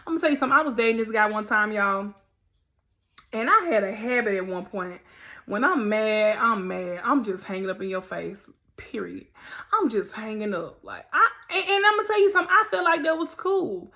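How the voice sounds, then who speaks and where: A faith podcast host speaks straight to her listeners in a casual motivational monologue that's emphatic, direct, and preachy. Her voice is fairly high and a bit bright, animated and slightly fast.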